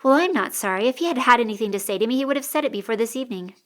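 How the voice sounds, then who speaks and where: A woman's voice: on the high side, lively intonation, rapid-fire, natural voice. A woman voicing a stubborn, proud young woman who speaks irritably and emphatically in an audiobook. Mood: indignant.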